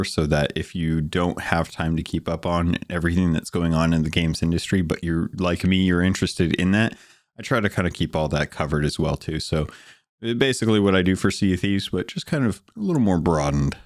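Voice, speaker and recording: Male podcast guest, very low deep voice, relaxed rambling delivery, dry sound. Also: brisk, no echo. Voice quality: deep morning voice. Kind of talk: casual podcast chat.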